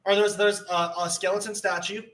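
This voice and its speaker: A young man with a high voice tells a story on a podcast in an easygoing, animated way. He slips into the voices of the people he quotes as he goes. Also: brisk. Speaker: podcast co-host. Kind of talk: casual storytelling chat.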